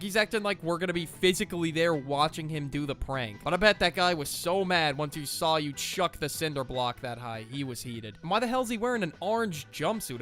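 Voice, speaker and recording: A man's voice: a little high, a bit bright. A young man hosting a reaction video, mocking clips with sarcastic, profane casual commentary.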